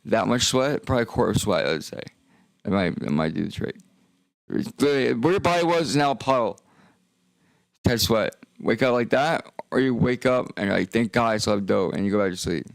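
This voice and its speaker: Gravelly young man rambling on stream. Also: lowish voice, expressive, brisk, no room sound. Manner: rambling, jokey, trails off into mumbles. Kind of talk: rambling casual stream talk.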